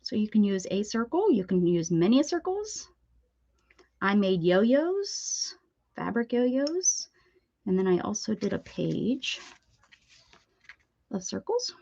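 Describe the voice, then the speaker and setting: A woman's voice: medium pitch, sing-song, slow, vocal fry, pauses often, mellow, lo-fi sound. A woman hosting a casual live crafting stream, chatty and bubbly, greeting viewers and laughing. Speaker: craft video host.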